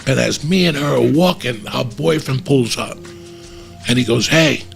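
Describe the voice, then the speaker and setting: A middle-aged man with a very gravelly, rough voice spins a profane, animated story and jumps into the voices of the people he talks about. Faint music plays in the background. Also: medium pitch, normal speed. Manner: profane, animated, acts out voices in his stories. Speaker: comedian storyteller. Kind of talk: casual storytelling.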